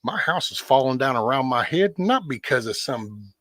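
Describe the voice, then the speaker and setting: A man's voice: medium pitch, sing-song, moderate pace, a bit bright, no echo. A man hosting a casual livestream, ranting bluntly with lots of swearing and answering viewers' chat by name. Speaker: livestream host.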